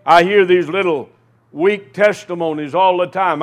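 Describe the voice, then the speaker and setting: A man preaching a sermon as pastor, swinging from loud emphatic calls to quiet storytelling. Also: high voice, measured pace.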